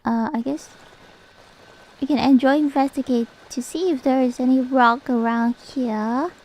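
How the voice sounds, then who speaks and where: A woman's voice: high voice, steady tone, unhurried, darkish tone. A woman streamer, not a native English speaker, chatting playfully and laughing often while she comments on a game. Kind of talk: casual gaming commentary.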